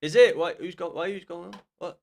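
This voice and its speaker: A young man talks to his viewers on a gaming livestream, his voice sitting a little high for a man. He fires back at his chat with blunt, sweary banter, loose and unscripted. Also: fairly quick, vocal fry.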